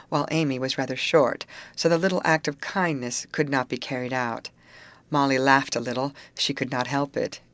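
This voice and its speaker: A woman narrating an audiobook in an even, steady storytelling manner. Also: deep voice, dry recording. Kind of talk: scripted narration.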